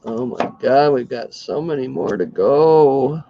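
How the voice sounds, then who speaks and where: A man's voice: medium pitch, expressive, unhurried, noisy background. An easygoing man chatting casually while he works on a craft. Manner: easygoing, laughs often. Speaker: livestream co-host. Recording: lo-fi livestream audio.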